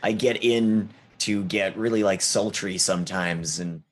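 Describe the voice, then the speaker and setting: A man's voice: on the low side, measured pace. A man in a casual panel chat, agreeable and often chiming in. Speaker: streamer panelist.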